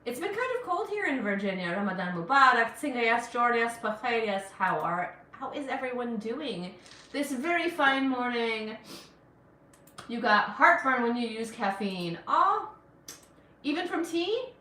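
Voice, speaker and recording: A woman's voice: on the high side, animated, a little slow, bright, forceful tone, distant mic. A woman from Afghanistan hosting a casual cooking live stream in her kitchen. She chats along and reads out and answers viewer comments. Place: home kitchen. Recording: roomy kitchen sound, mic set back.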